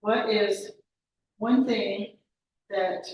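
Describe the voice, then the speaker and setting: Woman voicing a gruff, impatient phone coach, clipped and pushy; distant, echoey room sound. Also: mid-range voice, fairly even intonation, a little mellow, dull audio, a little hiss or hum. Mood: brisk. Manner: curt, impatient, rapid-fire questions.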